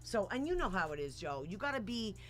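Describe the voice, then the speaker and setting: A woman hosting a casual radio talk show, telling stories in an animated, slangy way with laughs. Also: medium pitch, a little fast.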